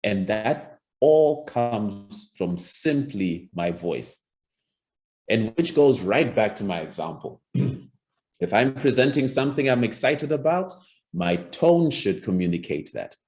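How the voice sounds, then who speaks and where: A man's voice: medium pitch, big pitch swings, slow, a little mellow. A man teaching presentation skills as a public speaking coach, demonstrating by shifting his tone and pace. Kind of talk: recorded presentation lesson.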